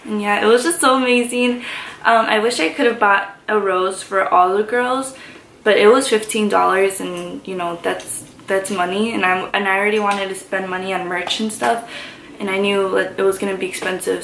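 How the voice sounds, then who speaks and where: A woman vlogger telling a story in excited, gushing chatter full of fillers. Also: medium pitch, moderate pace, gravelly, slight background noise. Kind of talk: casual story time. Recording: echoey room.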